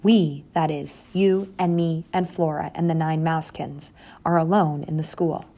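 A woman's voice: deep voice, steady tone, measured pace, mellow. A woman voicing a meek male father mouse who speaks in solemn, mournful tones.

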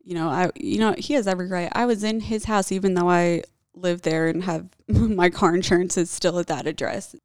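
A woman's voice: fairly low pitch, steady tone, a little fast, darkish tone, no echo, clean studio sound. A young woman telling a personal story in a casual confessional vlog, blunt and candid with a lot of swearing.

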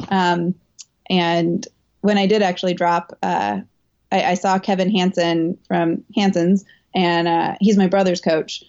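A woman's voice: fairly low pitch, flat delivery, unhurried, darkish tone, dull audio. A woman runner and coach recounting a race in an interview, talking in a candid, emotional way full of fillers and restarts. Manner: chatty, filler-heavy, emotional retelling. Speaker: elite marathon runner and coach.

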